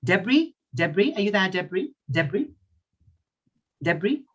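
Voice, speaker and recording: A man who speaks English with a British accent and a Thai first language, teaching an online English class in a playful way, repeating his questions slowly and chuckling often. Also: high-pitched, big pitch swings, a bit bright, dull audio. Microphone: computer mic on a video call.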